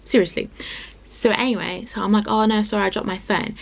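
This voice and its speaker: A woman's voice: medium pitch, brisk, gravelly, dull audio. A young woman vlogging casually, retelling an annoying encounter with exasperation and lots of repeated phrases. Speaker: playwright vlogger. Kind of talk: casual vlog storytelling. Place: hotel room.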